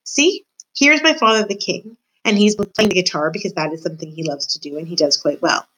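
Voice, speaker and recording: A woman's voice: on the low side, brisk, low-quality recording. A woman reading aloud and voicing a kind, polite young princess. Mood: gentle. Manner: polite and gentle.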